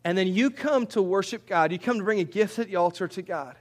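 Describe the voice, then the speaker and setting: Pastor, male, high-pitched voice, conversational sermon delivery with repeated words and rising emphasis. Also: a little fast.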